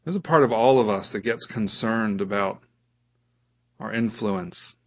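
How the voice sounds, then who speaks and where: A man's voice: on the low side, a little slow, lo-fi sound. A man preaching a sermon as a pastor, reading scripture aloud and putting questions to his listeners.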